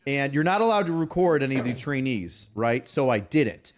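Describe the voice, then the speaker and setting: A former drill sergeant telling army stories in an animated way, acting out the orders he barked. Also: mid-range voice, moderate pace. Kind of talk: animated storytelling on a stream.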